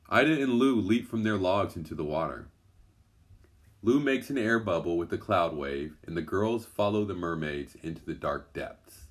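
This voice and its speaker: A man narrates a children's adventure story with a low, steady voice. He keeps a gentle, even storytelling pace. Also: moderate pace. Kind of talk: reading a children's story aloud.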